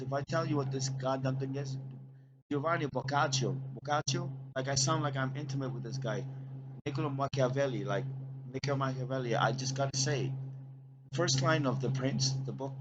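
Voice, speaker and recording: A man's voice: on the high side, heavy background noise. A man vlogging on a city bus, rambling and profane, trailing off into asides and laughter. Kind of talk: rambling monologue to camera.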